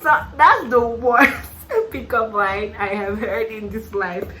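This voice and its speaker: A young Nigerian YouTuber with a Nigerian accent chats casually while getting ready, sassy and playful, laughing often and calling the listener "honey." Her voice is fairly high, bright and forceful, she speaks slowly, and the rough recording is reverberant.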